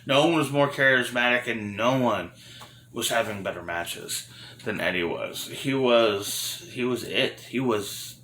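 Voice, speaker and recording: A man's voice: mid-range voice, unhurried, bright, forceful tone, reverberant, slight background noise. Rambling man reviewing old wrestling. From Florida. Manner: rambling, many fillers and restarts, frank. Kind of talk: casual review monologue.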